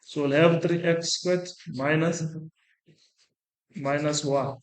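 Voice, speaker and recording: A male maths lecturer with a fairly high voice explains a calculation step by step in a classroom. He thinks aloud, stopping to restart and correct himself. The room is echoey. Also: fairly even intonation, slow pace. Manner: talks through working aloud, restarts and self-corrects.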